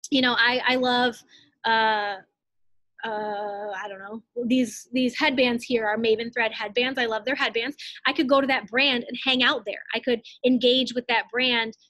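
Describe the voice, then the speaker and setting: A young woman in her twenties coaching her team in a live online training, talking fast and casually with lots of "like"s and blunt asides. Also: fairly high pitch, steady tone, a bit bright, dry recording. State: out of breath.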